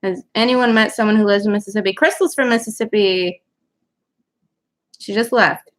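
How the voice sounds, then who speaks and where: A woman's voice: medium pitch, moderate pace. A young woman from Louisiana hosting a casual livestream, chatting laid-back with viewers and answering their comments. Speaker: livestream host, writer.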